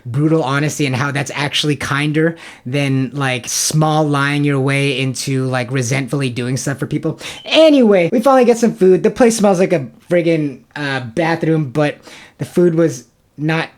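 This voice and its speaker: A vlogger with a fairly high voice recaps a family trip to the camera at a moderate pace. He rambles and rants, sounding exasperated, and his storytelling is heavy on fillers like "like" and "dude."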